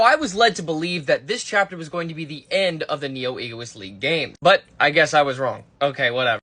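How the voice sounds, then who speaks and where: A man casually recapping a manga chapter, reading the characters' lines aloud and adding excitable, slangy comments. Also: high voice. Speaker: manga reviewer.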